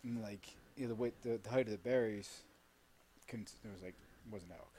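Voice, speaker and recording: A man guest on a podcast telling a hunting story casually, animated and laughing, swearing freely. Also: fairly low pitch, moderate pace, a little hiss or hum. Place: studio.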